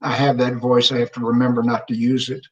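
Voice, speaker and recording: A man from the American South co-hosts the chat. His manner is friendly and lightly teasing as he talks in a relaxed, conversational way. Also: mid-range voice, fast, highs cut off. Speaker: co-host. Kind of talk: casual chat.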